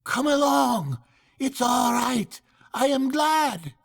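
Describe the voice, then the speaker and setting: A man's voice: a little high, big pitch swings, darkish tone, breathy edge, pitched above the performer's own voice, heavily acted. An older man voicing an eager, cheerful young wanderer who gushes and swings between moods. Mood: cheerful shouting. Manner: gushing, rapid mood swings. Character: cheerful excitable young man in patched clothes.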